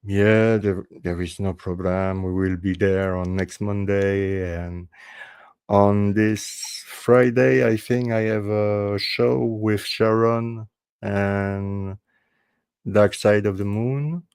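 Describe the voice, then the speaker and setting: A man with a French accent, a native French speaker hosting a panel podcast in casual chat, halting and restarting often. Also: on the low side, steady tone, darkish tone, smooth, no echo. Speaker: podcast host.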